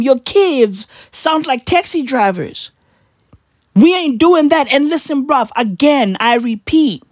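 A woman's voice: high voice, dry recording, clean studio sound. A South African woman delivering a profane, slangy comedic rant, repeating herself for effect. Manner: animated, repetitive, slangy.

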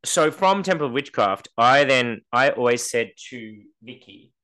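A man chats casually on a podcast. His voice sits at a middle pitch. He tells stories in an animated way and keeps jumping into the voices of the people he quotes. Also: unhurried. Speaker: podcast co-host.

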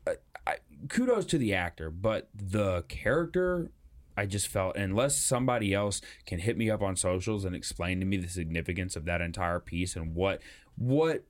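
A man's voice: low-pitched, lively intonation, normal speed. A man co-hosting a casual movie podcast, rambling and swearing freely as he talks through a film, often restarting his sentences. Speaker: podcast co-host. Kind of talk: casual movie review chat.

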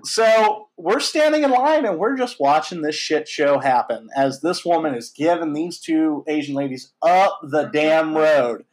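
A man in his thirties hosting a casual chat, telling a story in a lively, animated way with lots of fillers and some swearing. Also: fairly high pitch, measured pace, few pauses, poor audio. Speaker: podcast host.

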